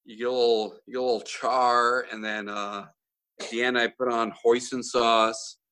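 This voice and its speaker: A man's voice: medium pitch, little pitch movement, normal speed, bright, forceful tone, clear, resonant tone. A man on a podcast, telling a story in casual chat, swearing and laughing often. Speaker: podcast host.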